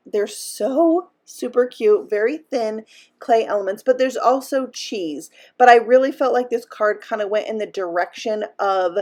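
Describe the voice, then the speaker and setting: Woman host, card-making tutorial voice-over, chatty and upbeat, a bit high. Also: a little mellow. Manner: chatty, upbeat, explains each step while working.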